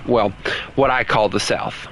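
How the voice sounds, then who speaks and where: A man's voice: lowish voice, measured pace, fairly bright tone, slight background noise. A man streaming a game and chatting casually with viewers, joking and teasing. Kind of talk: casual gameplay chat with viewers.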